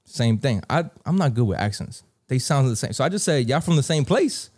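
A man with a New York accent telling a casual story, slangy and animated, acting out the dialogue. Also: mid-range voice, brisk. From New York (Bronx).

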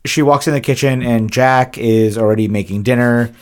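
A man's voice: mid-range voice, normal speed, clean tone. A man co-hosting a podcast, casually recapping a movie scene by scene and laughing often. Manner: relaxed, laughs often, acts out quotes in voices. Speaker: podcast co-host. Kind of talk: casual chat recapping a film.

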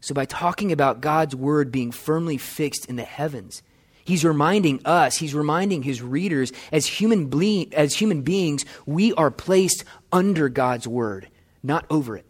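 Male preacher, slightly high voice, earnest sermon delivery with emphatic repetition. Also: unhurried. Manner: earnest, building emphasis on repeated phrases; reads scripture aloud with rising intensity. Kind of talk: expository sermon.

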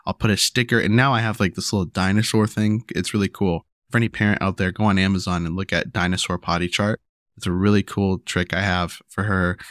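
Rambling father with a low, dry voice. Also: dry recording. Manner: rambling, repeats words and restarts, many "you know" and "right?"; rises in pitch when acting out talking to his daughter. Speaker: father sharing parenting advice. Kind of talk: casual monologue to camera.

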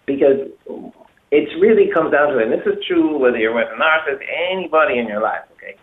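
A man's voice: mid-range voice, expressive, fast talker. A man giving emphatic dating advice on a talk show, repeating himself and acting out example phrases. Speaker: dating coach. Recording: echoey, tinny phone-like sound.

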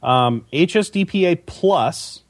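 A man co-hosting a casual tech podcast, explaining things in a measured way with many fillers. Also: on the high side, expressive, no room sound. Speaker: podcast co-host.

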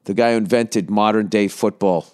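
A man's voice: fairly low pitch, fairly even intonation, normal speed, a little mellow, smooth. A man hosting a comedy podcast, rambling through profane asides with mock outrage in a casual rant.

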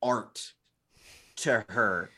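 A man's voice: fairly low pitch, very slow, bright, forceful tone, husky. A man in his thirties co-hosting a podcast, telling a story in casual chat, full of "like" and restarts. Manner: rambling storyteller, many fillers like "like". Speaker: podcast co-host.

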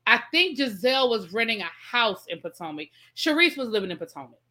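Bright-voiced woman hosting a chatty live stream. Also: on the high side, sing-song, a little fast. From Washington, D.C. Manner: chatty, explains patiently, reads out viewer comments. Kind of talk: casual live-stream chat.

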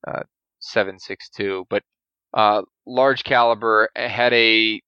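Male co-host, lowish pitch, bright and crisp, explanatory and eager; dry, slightly dull mic. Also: steady tone, slow, no echo. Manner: explanatory, gun-knowledgeable, enthusiastic. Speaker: podcast co-host. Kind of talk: casual movie discussion.

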